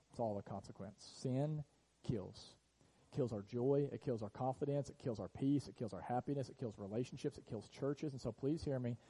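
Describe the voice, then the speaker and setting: A pastor preaching a sermon to his church, earnest, sometimes dropping to a hush on key lines. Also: medium pitch, rough recording. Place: church sanctuary.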